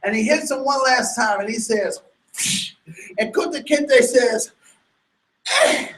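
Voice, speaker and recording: A man giving an animated, emphatic sermon-like talk to an audience, full of rhetorical questions and restarts. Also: very high-pitched, a little slow, roomy sound, low-quality recording. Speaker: speaker addressing an audience.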